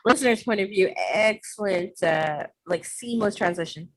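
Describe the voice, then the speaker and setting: A woman's voice: mid-range voice, normal speed, dry recording, poor audio. A woman co-hosting a podcast in casual chat, rambling, giggling and making silly sound effects. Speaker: podcast co-host.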